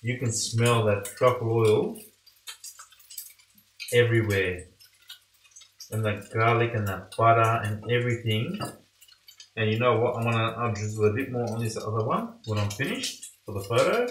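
A man's voice: lowish voice, moderate pace, pauses often, fairly bright tone, a little hiss or hum. Chatty man cooking in an echoey kitchen. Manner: chatty, enthusiastic, addresses viewers as guys. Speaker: home cooking vlogger. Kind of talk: casual cooking vlog. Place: home kitchen. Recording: echoey kitchen with pots and pans.

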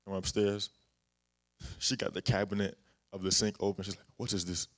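A man's voice: fairly low pitch, completely flat delivery, moderate pace, fairly bright tone. Man preaching casually. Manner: casual, conversational preaching with anecdotes and repetitions. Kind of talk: sermon.

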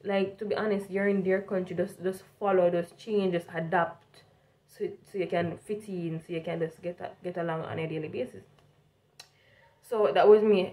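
A woman's voice: lowish voice, dark tone. A young woman from Jamaica with a strong Jamaican accent, telling a vlog story casually and animatedly, slipping between standard English and Jamaican Patois. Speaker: vlogger.

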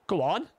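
A young Irish man live-streaming a football game, chatting casually with viewers, swearing freely and shouting at goals. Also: high voice, husky. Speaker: gaming streamer.

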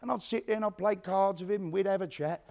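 A fast-talking actor with vocal fry performs a one-man show as an older career criminal from East London, spinning a prison yarn in that accent. He alternates between booming quotes and hushed murmurs in a storytelling mood.

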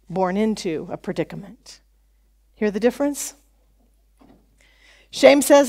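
Animated woman preaching a sermon. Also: medium pitch, slow, long pauses. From United States. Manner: conversational preaching, animated quoted voices. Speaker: pastor. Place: church.

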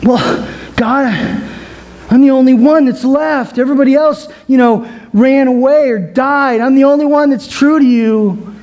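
A man's voice: very high-pitched, measured pace, a little mellow, voice pushed up. A man voicing a weary male prophet who complains in a whiny, self-pitying way.

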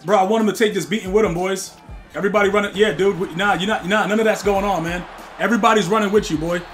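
A young man in casual live-stream chat with his viewers, excitable and profane, talking in a style. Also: high voice, fast, faint music behind. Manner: loud, profane, excitable trash talk.

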